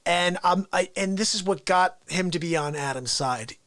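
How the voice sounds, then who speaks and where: A man's voice: normal speed, a bit bright. A man hosting a live show, telling an improvised comic story in a rambling, playful way. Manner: rambling, playful, with sudden jumps in pitch. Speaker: host.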